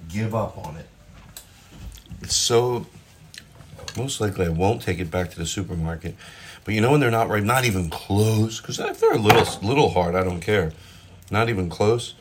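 Low-voiced man rambling while cooking. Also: a little hiss or hum. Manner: rambling, self-interrupting, jokey. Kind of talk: casual food chat while cooking and eating. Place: home kitchen. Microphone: phone propped up.

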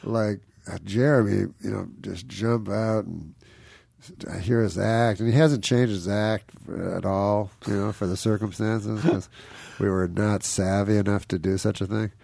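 Male comic as a guest storyteller: low, raspy tone, dry close sound, loose and self-mocking delivery. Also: fairly even intonation, a little slow, warm tone, dry recording. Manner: rambling, chuckles often, acts out the people he quotes. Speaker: comedian guest. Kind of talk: anecdotal storytelling.

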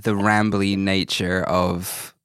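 A man's voice: low-pitched, level tone, slow pace, fairly bright tone, clean tone, dry recording, clean studio sound. A man co-hosting a podcast, bantering and teasing playfully. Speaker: podcast co-host. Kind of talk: casual chat.

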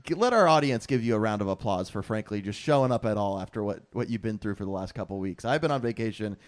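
A man's voice: on the low side, expressive, quick pace. A young man hosting a casual podcast, joking, laughing often and rambling into asides, recording from his father's home office. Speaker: podcast host. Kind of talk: casual chat.

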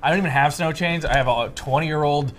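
A man's voice: a little high, faint music behind. A man co-hosting a casual live show, reading viewer comments aloud and chatting with his co-hosts. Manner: quick, chatty, reads messages aloud with rising emphasis. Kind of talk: casual chat.

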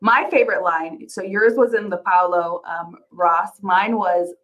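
A woman's voice: on the low side, unhurried, fairly bright tone, low-quality recording. A woman co-hosting a podcast in a casual chat, laughing often and trailing off mid-sentence. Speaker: podcast co-host.

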